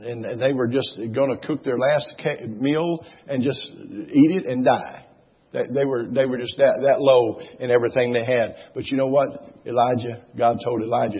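Husky preacher man, emphatic. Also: medium pitch. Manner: emphatic, repetitive, swelling into loud exhortation. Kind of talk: sermon. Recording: dull lo-fi recording.

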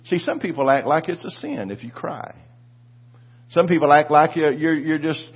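A pastor delivers a sermon built around a personal story, fervent and repetitive, urging the congregation to respond. His voice is fairly high with a breathy edge, and the recording has its high frequencies cut off.

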